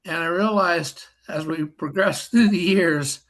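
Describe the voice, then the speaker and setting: A man's voice: fairly high pitch, unhurried, a bit bright. An older man and past district governor, telling folksy, self-deprecating stories with dry humor on a group video call. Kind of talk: storytelling talk on a group call.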